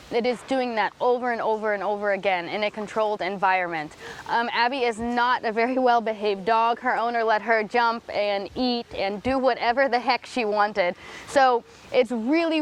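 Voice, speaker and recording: A fairly high-voiced woman gives dog-training tips in a casual vlog. She talks plainly and practically, patiently repeating the key points. A faint hiss sits under her voice. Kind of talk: instructional vlog.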